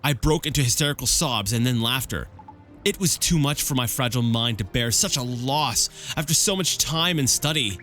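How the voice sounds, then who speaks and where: Brief: male let's play host, animated read-aloud, bright tone, stumbling and chatty. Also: medium pitch, moderate pace, faint music behind. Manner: stumbles over words, animated asides. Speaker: let's play host reading an in-game book. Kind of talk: casual read-aloud with commentary.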